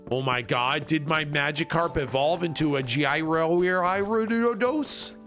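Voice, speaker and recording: A man's voice: a little high, steady tone, normal speed, fairly bright tone, faint music behind. A man livestreaming a video game, chatting casually, joking and reading viewer messages aloud. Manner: jokey, reads chat aloud, laughs often. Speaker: streamer. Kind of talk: casual livestream chat while gaming.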